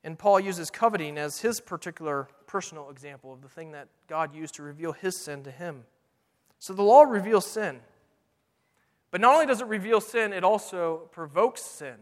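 Pastor, middle-aged man, high voice, emphatic sermon delivery, long church reverb. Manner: earnest, emphatic preaching with slow scripture readings.

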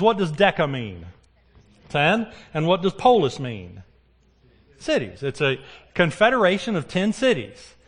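High voiced guy preaching, keeps asking the crowd questions. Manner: animated, asks the congregation questions. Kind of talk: sermon.

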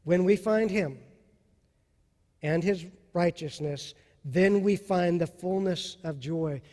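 A male pastor preaches with a high, ringing voice, pushing his lines out with fervor and then pulling back to a hush. Long reverb from a large hall trails every phrase. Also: takes it slowly. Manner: impassioned preaching that swings from soft to loud. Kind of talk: sermon.

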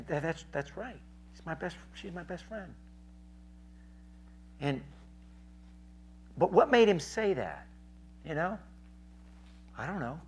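A man preaching a sermon, telling stories in a rambling conversational way with many fillers and acting out the people in them. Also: medium pitch. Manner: animated, acts out the people in his stories. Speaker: street preacher. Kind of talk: sermon with storytelling.

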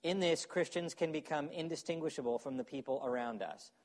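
A man's voice: a little high, fairly quick, a little mellow. A man preaching a sermon in a conversational way, often checking in with his listeners. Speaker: pastor.

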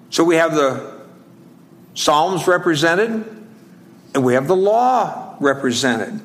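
A man preaching a sermon in a conversational, halting way, with frequent pauses and restarts, slowing down to stress scripture phrases. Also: a little high, expressive, fairly bright tone.

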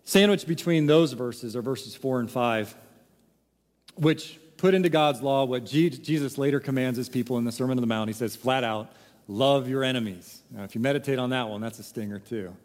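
A man's voice: medium pitch, normal speed, darkish tone, in a large hall. A man preaching a sermon, emphatic and full of rhetorical questions. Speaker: pastor.

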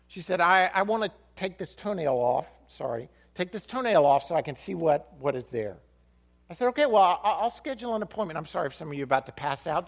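Animated pastor. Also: male voice, fairly high pitch. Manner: animated, acts out dialogue with shifting voices. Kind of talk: storytelling sermon.

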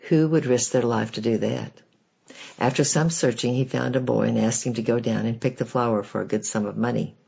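A man reads devotional stories and Bible verses in a measured, earnest way. His voice is gravelly and a little husky. The recording sounds dull and lo-fi. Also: medium pitch, fairly even intonation, darkish tone. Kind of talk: devotional story reading.

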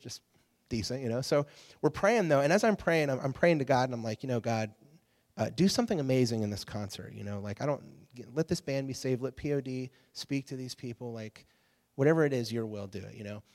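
A man giving a casual sermon, telling a story with lively acted-out quotes to a youth audience. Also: mid-range voice, a little fast. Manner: animated storyteller, acts out quotes. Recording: long hall reverb.

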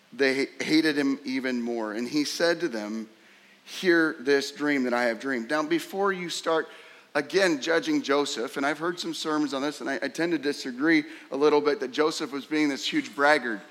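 A man preaching a sermon, emphatic and fond of rhetorical questions, sometimes jumping sharply higher to act out a scornful voice. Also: a bit bright. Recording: long hall reverb.

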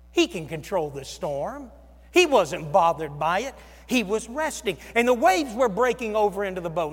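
A male pastor preaching a sermon, with dramatic swings from loud exclamations to hushed near-whispers. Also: high-pitched, breathy edge. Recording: long reverb of a large hall.

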